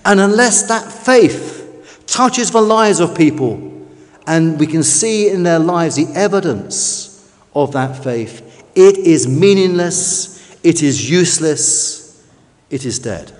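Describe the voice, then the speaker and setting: A man preaching a sermon emphatically, leaning on slow, drawn-out stresses. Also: on the high side, animated. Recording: long reverb of a large hall.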